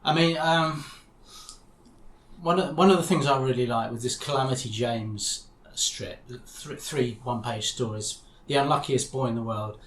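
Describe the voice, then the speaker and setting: A man co-hosting a podcast, calmly discussing comic strips and agreeing with his co-host. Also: mid-range voice. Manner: measured, agreeable, adds short remarks. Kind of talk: casual chat about comics. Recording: echoey room with faint background noise.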